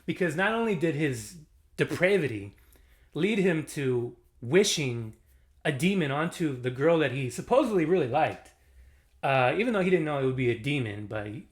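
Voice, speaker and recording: High-voiced man giving a slangy movie review. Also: normal speed. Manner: animated, laughing often, slangy.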